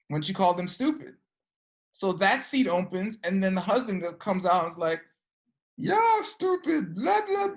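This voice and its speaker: A woman teaching a class, telling a story and checking in with her students with frequent "okay?" questions. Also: fairly low pitch. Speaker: teacher of an energy work class.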